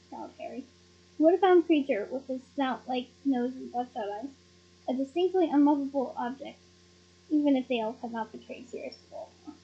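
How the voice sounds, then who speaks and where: A woman's voice: sits high, brisk, dull audio. A woman reading a fantasy novel aloud, narrating steadily and with expression. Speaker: reader.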